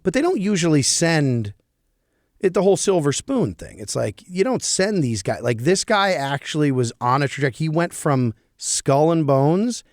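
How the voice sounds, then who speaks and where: A man's voice: a little high, big pitch swings, normal speed, no echo, studio quality. A man co-hosting a comedy podcast, chatting casually and rambling with lots of restarts and trailing sentences. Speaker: podcast co-host.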